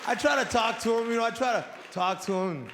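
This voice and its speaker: Profane comedian with a high, gravelly, bright voice. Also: male voice, fairly quick, over a noisy crowd, very noisy. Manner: profane, animated, acts out voices of family. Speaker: stand-up comedian. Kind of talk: stand-up comedy routine. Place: comedy stage before a live audience. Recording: echoey hall with audience.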